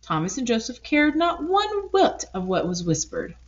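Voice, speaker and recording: A woman reading a children's picture book aloud in an expressive, lively way. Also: fairly high pitch, normal speed. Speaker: storybook reader. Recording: dull lo-fi recording.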